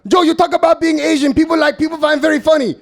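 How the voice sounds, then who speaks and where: A man's voice: very high voice, steady tone, quick pace, gravelly, voice pushed up. A man putting on an exaggerated voice for his insistent father, in broken English with a sing-song lilt. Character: pushy middle-aged father in a mocking accent.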